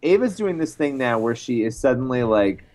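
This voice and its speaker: A man co-hosting a podcast in casual chat, telling wry, animated anecdotes and giving opinions. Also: mid-range voice, moderate pace, slight background noise. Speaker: podcast co-host.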